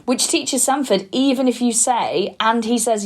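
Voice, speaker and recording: A woman's voice: fairly high pitch, measured pace. A woman co-hosting a true-crime comedy podcast, talking casually and bluntly and often restarting her sentences.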